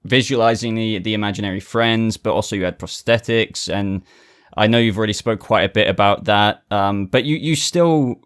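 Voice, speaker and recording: A man's voice: fairly low pitch, moderate pace, fairly bright tone, smooth. A British man hosting an interview, enthusiastic, often stumbling and restarting his sentences. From Britain. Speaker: interview host. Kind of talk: casual interview.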